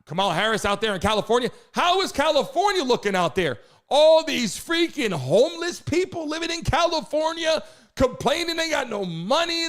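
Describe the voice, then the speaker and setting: Jersey-raised guy ranting on his live show, high voice, swoops up and down, swears a lot. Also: fairly bright tone. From New Jersey. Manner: ranting, indignant, profane. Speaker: political talk show host. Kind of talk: heated live-stream commentary.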